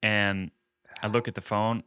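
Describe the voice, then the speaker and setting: Low-pitched man retelling a story. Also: a little slow, smooth, no echo, studio quality. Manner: animated retelling, acting out quoted dialogue. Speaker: podcast co-host. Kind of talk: casual storytelling chat.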